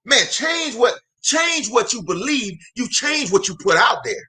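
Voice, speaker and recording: A man's voice: very high voice, big pitch swings, a little slow, sharp tone. A man from Alabama giving a preacher-style motivational talk, emphatic and repetitive, calling out to listeners by name. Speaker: motivational host.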